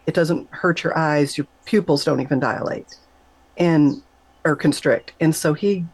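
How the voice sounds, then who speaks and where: A middle-aged woman, a nurse, telling an emotional personal story in an interview, animated and emphatic, her voice leaping up whenever she quotes herself. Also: a little slow, breathy edge, no echo, low-quality recording. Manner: animated, emphatic, jumps high when quoting herself. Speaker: guest, nurse.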